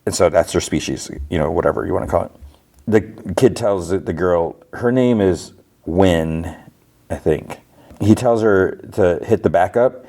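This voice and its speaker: Low-pitched and dark in tone, a podcast host talks at a moderate pace while casually going over a TV episode, rambling and peppering it with "like" and "you know."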